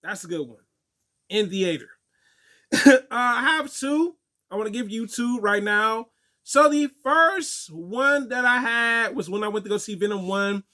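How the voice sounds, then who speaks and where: A young man telling stories and answering viewer questions in a casual, animated way, laughing often. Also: high voice, measured pace. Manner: animated storytelling, laughs often, acts out quotes. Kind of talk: casual chat.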